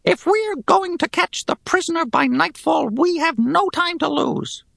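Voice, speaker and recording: A man voicing a sneering male goblin soldier leader with a high, grating, rasping voice that barks and mocks. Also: unhurried, a bit bright, no room sound, clean studio sound, heavily acted. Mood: sneering, barking. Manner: barking, mocking. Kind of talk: audiobook character voice.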